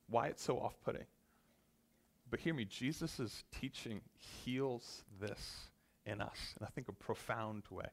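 A man delivering a sermon in an ordinary mid-range voice. He speaks earnestly and often turns to the listeners with direct appeals. His delivery swings from loud, climbing emphasis to hushed, slowed phrases. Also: mid-range voice, gravelly. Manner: earnest, builds to loud emphatic peaks then drops soft. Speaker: pastor.

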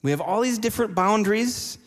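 A man's voice: sits high, lively intonation, a little fast. A man preaching a sermon, telling personal stories with self-deprecating humor. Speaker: pastor. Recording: long church reverb.

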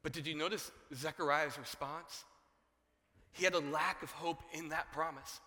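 A man preaching a sermon, telling a story with animated voices for its characters. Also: fairly high pitch, a little fast, big-room sound. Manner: animated storytelling, acting out dialogue. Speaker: pastor.

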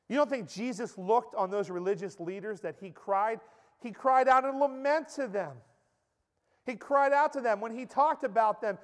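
A man's voice: very high-pitched, moderate pace. A man preaching a sermon with impassioned, emphatic delivery in a church. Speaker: pastor. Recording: echoey church hall.

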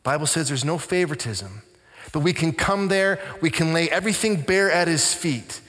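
Brief: male pastor from Canada, higher-pitched preaching voice, lively stories, hushed emphatic moments. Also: moderate pace. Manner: animated storytelling, drops to soft intense tones. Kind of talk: sermon. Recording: long church reverb.

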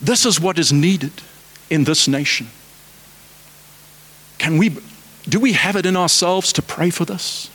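A man's voice: on the high side, a little slow, long pauses, a bit bright, husky. A man preaching a sermon, fervent and exhorting, with repeated rhetorical questions.

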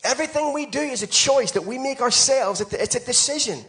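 A man's voice: very high voice, animated, a little fast. A man pastor preaching a sermon, exhorting his congregation with emphatic, repeated phrases. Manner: emphatic, repetitive exhortation with rising shouts.

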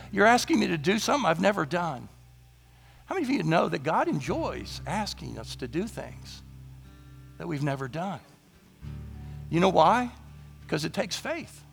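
A man preaching a sermon, his voice hoarse and gravelly, declaring bold lines with rising emphasis. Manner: declaring boldly, rising to emphatic high passages. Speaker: pastor.

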